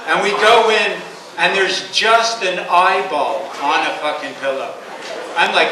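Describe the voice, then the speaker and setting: A man's voice: high-pitched, normal speed. A man giving a rowdy, profane after-dinner speech at a rugby club banquet, playfully scolding the crowd between jokes. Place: banquet hall. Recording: echoey hall from far off with crowd.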